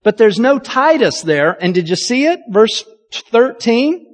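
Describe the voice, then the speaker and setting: Pastor, male, high lively voice, chatty self-mocking sermon, long hall reverb. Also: unhurried. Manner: candid, self-deprecating and chatty. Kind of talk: conversational sermon.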